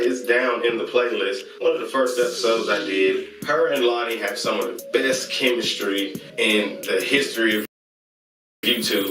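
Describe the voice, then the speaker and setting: Male vlog host, excitable and chanting, roomy distant mic with music bed. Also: mid-range voice. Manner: excitable, chants call-and-response catchphrases. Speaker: host reviewing online comedy channels. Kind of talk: casual hyped-up vlog shout-outs.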